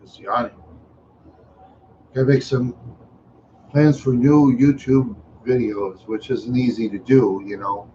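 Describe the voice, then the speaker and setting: A man's voice: mid-range voice, fairly even intonation, slow pace, long pauses, warm tone, lo-fi sound, a little hiss or hum. A tired, yawning man hosting a casual livestream chat, rambling along with many fillers and trailing asides. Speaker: livestream host.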